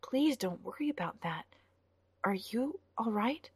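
A woman voicing a kind young male bard who speaks softly and politely. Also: fairly high pitch, expressive, a little slow, slightly rough, no echo, voice pushed up, full character voice. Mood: soothing. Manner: soft, polite and soothing.

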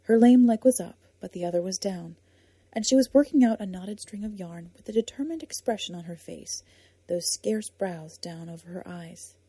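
A woman narrating an audiobook in a soft, measured storytelling manner. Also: medium pitch, husky, no room sound.

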